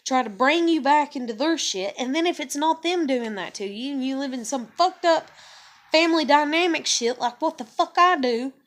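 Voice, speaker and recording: A young woman vlogging an emotional, profane monologue, ranting with frequent sighs and sounding upset and bitter. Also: high voice. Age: young adult.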